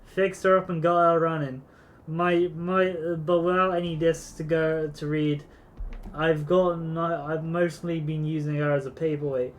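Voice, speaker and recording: Gruff, kindly old junk dealer read by a man, slow and halting, voice sitting a bit high. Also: level tone, lightly acted. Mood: folksy. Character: gruff but well-meaning old male junk trader.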